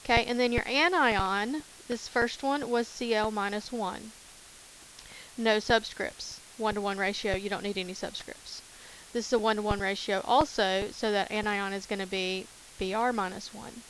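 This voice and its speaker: A woman's voice: mid-range voice, fairly even intonation, moderate pace, fairly bright tone, a little hiss or hum, low-quality recording. A woman teacher talking through chemistry notes in a casual way, repeating key terms with many fillers. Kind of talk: recorded lecture over notes.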